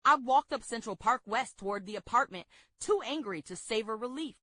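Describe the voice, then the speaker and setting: A woman reading a memoir aloud at a book club in a steady, expressive way. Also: a little high, moderate pace, dry recording.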